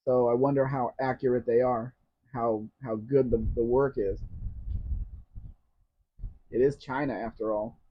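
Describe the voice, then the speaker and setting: A man's voice: mid-range voice, steady tone, a little slow, pauses often. A man hosting a live Q&A, reading viewer comments aloud and answering them with dry jokes. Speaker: host. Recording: dull lo-fi stream audio.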